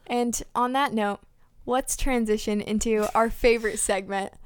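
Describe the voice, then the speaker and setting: A woman's voice: fairly high pitch, steady tone, measured pace, smooth, no echo, studio quality. A teenage girl co-hosting a podcast, chatting casually and laughing easily. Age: teens. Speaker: podcast co-host.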